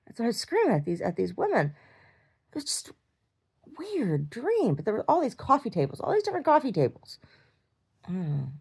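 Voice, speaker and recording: A woman's voice: fairly high pitch, wildly swooping pitch, brisk, gravelly, long pauses, a little mellow, breathy edge. A woman in chronic pain, telling a rambling video-diary story with lots of fillers and restarts. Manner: acts out quoted lines in a raised voice. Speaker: video diarist. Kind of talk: casual video diary, recounting a dream.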